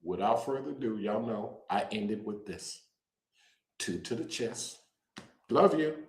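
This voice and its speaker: A man hosting a casual show, talking to viewers in an animated, joking way and drawing out words for emphasis. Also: fairly low pitch, unhurried, roomy sound, low-quality recording. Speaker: host. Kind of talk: casual direct-to-camera promo talk.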